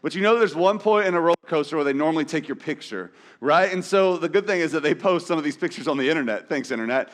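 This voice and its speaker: A man's voice: on the high side, animated, fast talker, few pauses. A man preaching a sermon in a conversational, self-deprecating way, often restarting his sentences. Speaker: pastor. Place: church auditorium.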